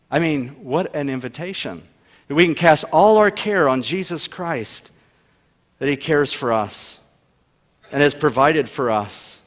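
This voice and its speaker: A man preaching a sermon as pastor, emphatic, asking rhetorical questions and swinging between loud and soft delivery. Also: a little high, animated, unhurried. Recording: long reverb of a large hall.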